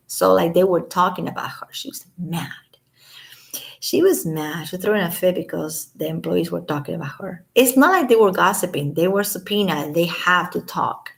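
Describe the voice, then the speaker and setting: A woman's voice: fairly low pitch, creaky. A woman giving casual commentary as a vlogger, reading statements aloud and breaking off with sarcastic, scoffing asides.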